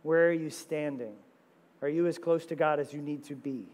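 A man preaching a sermon as pastor, animated, firing off rhetorical questions with sudden loud high exclamations. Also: normal speed. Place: church sanctuary. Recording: long reverb of a church sanctuary.

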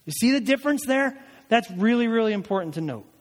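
A man's voice: very high voice, animated, fast talker. A male pastor preaching a sermon, rising into emphatic calls during prayer passages. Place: church sanctuary. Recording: long church hall reverb.

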